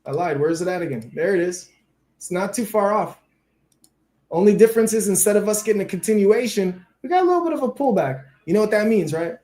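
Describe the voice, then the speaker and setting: A man's voice: high-pitched, animated, quick pace, dark tone. A man hosting a casual livestream, talking loose and slangy with frequent swearing. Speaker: livestream host.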